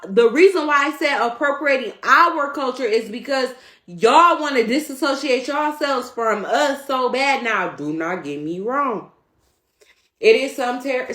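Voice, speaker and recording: A woman's voice: on the high side, fairly bright tone. Emphatic woman in an echoey room. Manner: heated, emphatic, rambling. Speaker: commentator. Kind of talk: casual social media response.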